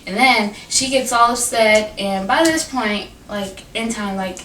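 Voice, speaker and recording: A woman's voice: fairly high pitch, measured pace. Teen girl vlogger, chatty storytime delivery, sits back from the mic in an echoey room. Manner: animated, lots of fillers and quoted dialogue. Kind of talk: casual storytime. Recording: echoey room from a distance, faint noise.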